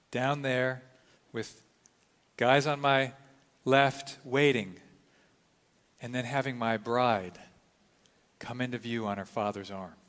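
A man in his sixties preaching a sermon as pastor, dramatic, dropping to a hush and then rising to exclaim. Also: mid-range voice. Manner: dramatic, swings from hushed to exclaiming. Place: church sanctuary. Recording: long reverb of a church sanctuary.

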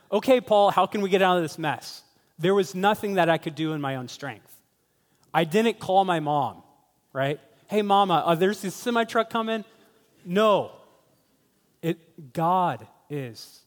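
Man, pastor, conversational sermon, slightly high voice, long hall reverb. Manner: conversational storytelling, addresses listeners as guys.

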